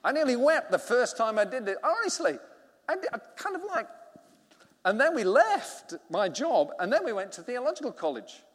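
A middle-aged vicar preaches a sermon in a church hall, telling a story and acting out its dialogue. His voice is very high-pitched with big pitch swings at a normal speed, and the recording carries the hall's long reverb.

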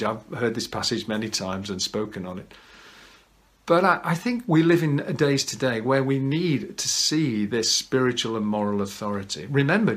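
Male pastor, chatty and emphatic sermon delivery, mid pitch. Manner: conversational, gently humorous, emphatic. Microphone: camera at home.

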